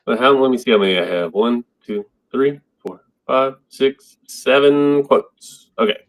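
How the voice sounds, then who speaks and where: A man's voice: medium pitch, a little slow. A man co-hosting a casual movie podcast, rambling and laughing often as he reads out favorite lines. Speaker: podcast co-host. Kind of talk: casual chat.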